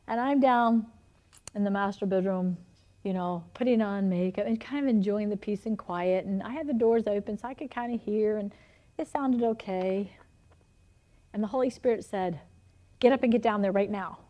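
A middle-aged woman preaching a sermon, telling animated personal stories with frequent laughter. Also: mid-range voice, moderate pace, dull audio.

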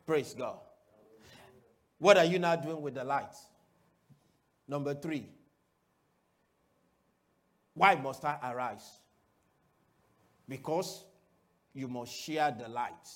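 A man preaching a sermon to his church, asking rhetorical questions and calling for answers, moving between loud declarations and quiet asides. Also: mid-range voice, slow pace, pauses often.

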